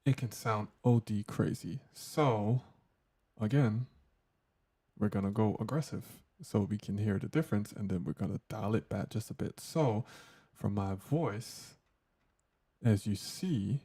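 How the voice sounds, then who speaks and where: This tech tutorial host has a fairly low, mellow, husky voice and talks at normal speed. In his casual, hands-on audio tutorial, he jokes around loosely and walks through the settings as he tests each one.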